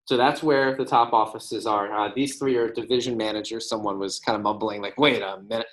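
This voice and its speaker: A man's voice: fairly low pitch, steady tone, brisk, rough recording. A man managing a sales team, talking casually and encouragingly in a meeting room with a whiteboard, often tagging remarks with "right?". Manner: encouraging, upbeat.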